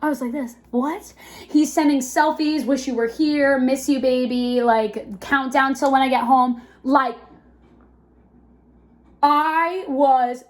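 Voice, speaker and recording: Chatty animated young woman host. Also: high-pitched. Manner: animated, chatty, quick to laugh, many fillers. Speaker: podcast host. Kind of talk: casual storytelling chat.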